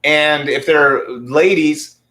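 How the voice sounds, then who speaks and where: A man's voice: on the high side, fairly even intonation, slow pace, sharp tone. Profane ranting man in his forties. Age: 40s. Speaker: podcast host. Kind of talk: casual rant.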